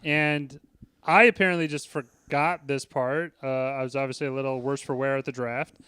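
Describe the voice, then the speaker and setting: Rapid, smooth-voiced male podcast host. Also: mid-range voice, no room sound. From Chicago. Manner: animated, swearing, acts out quoted lines. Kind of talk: casual chat.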